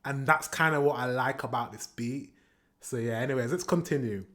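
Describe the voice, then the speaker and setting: A man, chatting casually as a reaction video host, animated and scatting rhythms aloud. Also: mid-range voice, moderate pace. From England. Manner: chatty and animated, scats beats with da da da. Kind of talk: casual music reaction commentary.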